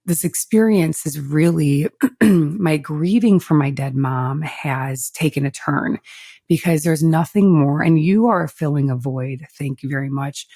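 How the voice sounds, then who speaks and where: A woman co-hosting a podcast, talking openly and emotionally with a gravelly, husky voice. She swears freely and sounds close to tears at times. Her voice is close and dry, with no room in it. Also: low-pitched, unhurried, dark tone, no room sound. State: tearful. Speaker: podcast co-host. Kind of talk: casual chat.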